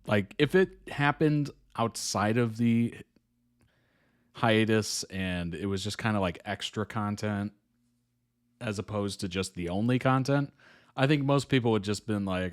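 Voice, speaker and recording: A man with a fairly low voice reacting to video clips, thinking out loud in a relaxed, reflective way. His remarks are conversational and unhurried. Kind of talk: commenting on videos.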